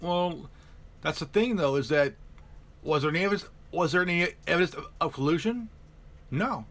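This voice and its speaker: A man's voice: on the high side, lively intonation, moderate pace, fairly bright tone. A man hosting a live stream, chatting casually about politics and stumbling over repeated words and restarts.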